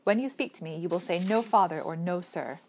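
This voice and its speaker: A woman's voice: on the low side, brisk, creaky. A tired, middle-aged father in an audiobook, firm and commanding but weighed down and heavy, as a woman reader gives his lines. Tender underneath the sternness. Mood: weary firm.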